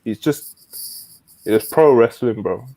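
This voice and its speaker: A man co-hosting a podcast in casual chat, excitable, swearing freely and retelling events at length. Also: mid-range voice, takes it slowly. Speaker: podcast co-host.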